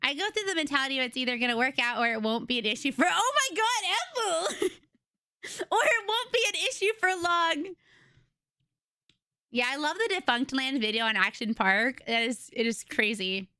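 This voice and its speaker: High, bright-voiced young woman streamer. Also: moderate pace, clean tone, no echo, clean studio sound. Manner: excitable, giggly, chatty storytelling. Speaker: livestreamer. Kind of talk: casual chat with a live audience. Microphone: desk microphone.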